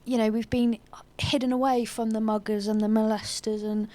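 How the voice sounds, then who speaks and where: Female co-host, slightly high voice, hesitant, frequent restarts. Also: level tone, moderate pace, mellow. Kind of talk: casual livestream chat.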